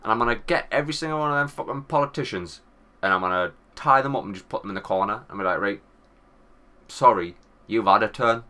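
Sex: male. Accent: Northern English. Role: podcast co-host. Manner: rambling, sweary storytelling. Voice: bright, mid-pitched. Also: racing. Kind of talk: casual banter.

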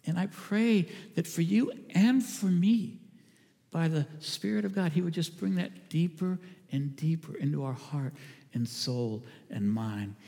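Earnest pastor preaching in a reverberant hall. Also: male voice, on the high side, vocal fry. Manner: earnest, drops to a hushed voice for quoted lines. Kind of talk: sermon. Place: church sanctuary.

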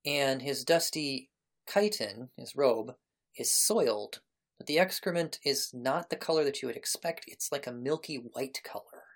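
A woman's voice: very deep voice, animated, unhurried. Woman narrating as game master. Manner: descriptive, explanatory, leisurely.

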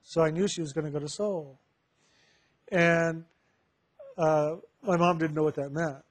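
A man telling a personal spiritual testimony to a group, halting with many fillers and restarts and laughing often. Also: a little high, fairly even intonation. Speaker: member sharing with a spiritual group.

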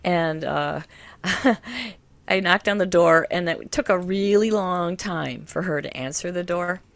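A woman telling a personal story to an interviewer, animated and laughing often. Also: fairly low pitch, measured pace, creaky, no echo.

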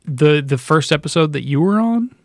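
A man's voice: a little high, animated, moderate pace, dry recording, studio quality. A man co-hosting a podcast, talking casually and hesitantly, often repeating his words. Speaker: podcast co-host. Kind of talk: casual chat.

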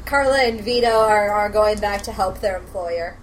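A woman's voice: medium pitch, normal speed, a little hiss or hum, low-quality recording. A woman running a tabletop game as game master, narrating with frequent hesitations. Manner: hesitant, filler-heavy narration.

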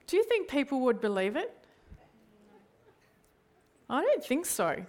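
A woman's voice: high voice, big pitch swings, measured pace, a little mellow. Australian woman preaching with earnest questions. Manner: earnest, leans on rhetorical questions. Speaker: church leader. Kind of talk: sermon.

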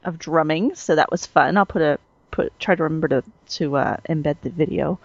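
A woman's voice: sits low, moderate pace, vocal fry, dry recording, dull audio. A woman co-hosting a podcast, chatting in a bubbly, playful way with frequent giggles. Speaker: podcast co-host. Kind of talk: casual chat.

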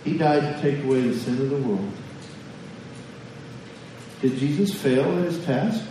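A man's voice: mid-range voice, unhurried, dark tone, distant mic, slight background noise. Man preaching in an echoey hall. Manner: conversational preaching with questions to the congregation. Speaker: pastor. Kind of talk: sermon.

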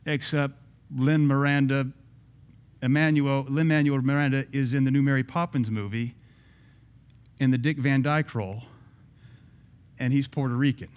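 A man's voice: medium pitch, fairly even intonation, moderate pace, pauses often. A man with an ordinary mid-range voice delivers social commentary from a Christian standpoint. He talks emphatically, stacking rhetorical questions and repeating phrases for effect.

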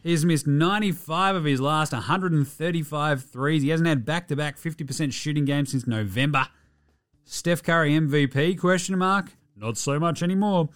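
A man's voice: fairly high pitch, moderate pace, fairly bright tone. A man hosting a casual sports podcast, joking and swearing as he recaps games. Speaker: podcast host.

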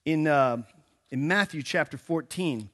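The pastor delivers his sermon as casual, playful storytelling, acting out quotes and joking occasionally. His fairly high voice moves a little slowly.

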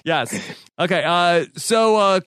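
A man's voice: sits high, takes it slowly, smooth, no echo. A man hosting a podcast, chatting casually, laughing often and reading out tweets. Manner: laughs often, reads tweets aloud in a flat tone. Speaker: podcast host.

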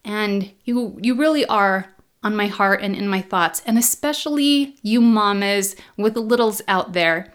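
A woman in her forties hosting a solo podcast from a home basement, speaking warmly and emotionally to her listeners. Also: medium pitch, measured pace. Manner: warm, emotional, choking up with laughter. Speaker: podcast host.

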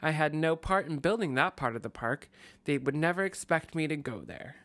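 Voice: mid-range voice, expressive, normal speed, a bit bright, dry recording, lightly acted. A podcaster quoting a smug, scheming mad scientist while retelling a story, in a plain, dry voice. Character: ranting evil male theme-park scientist. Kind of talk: acted quote in a retold story.

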